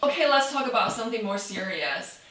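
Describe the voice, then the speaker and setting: A woman's voice: on the high side, animated, brisk, fairly bright tone, recorded from a distance. A woman teaching a casual online language lesson, friendly and chatty, often checking in with "okay?" and "right?". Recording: roomy, voice set back from the mic.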